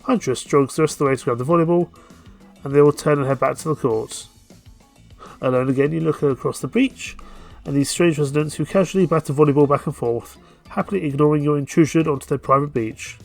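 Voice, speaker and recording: A man's voice: fairly high pitch, a little fast, vocal fry, darkish tone, faint music behind. A man playing a dating game on stream, reading its narration aloud and dropping playful, jokey asides.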